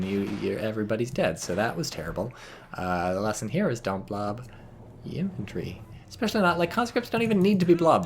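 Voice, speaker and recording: A man's voice: on the low side, a little hiss or hum. A man casually commentating a strategy game replay, wry and rambling, rising to exclamations at blunders.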